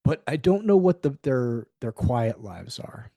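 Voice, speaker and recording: Man, mellow, dry close sound, candid and animated interview guest. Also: medium pitch, measured pace, gravelly, no room sound. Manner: candid, animated, acts out quoted dialogue. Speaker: podcast guest. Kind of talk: conversational interview.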